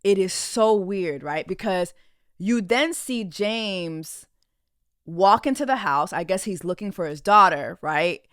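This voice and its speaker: A woman's voice: medium pitch, expressive, takes it slowly, fairly bright tone, clean tone, dry recording, studio quality. A woman podcast host giving blunt, indignant reaction commentary on a reality show clip in a casual, conversational way.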